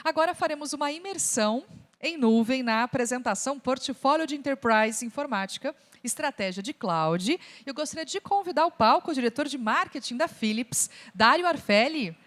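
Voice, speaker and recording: A woman hosting a conference reads a scripted introduction before the next speaker. She delivers it smoothly and evenly. Her voice is fairly high. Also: lively intonation, brisk, a bit bright. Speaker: event host.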